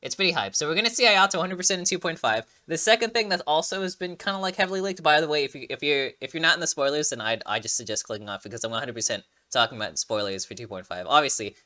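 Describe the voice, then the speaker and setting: A man casually chatting through a game trailer reaction, excitable and rambling with lots of fillers and restarts, sounding like he just woke up. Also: fairly high pitch, very fast, few pauses.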